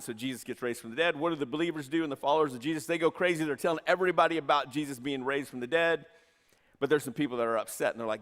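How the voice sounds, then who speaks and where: A man's voice: a little high, fairly bright tone. A pastor preaching a conversational sermon, repeating phrases as he builds his points. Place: church sanctuary. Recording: church hall reverb.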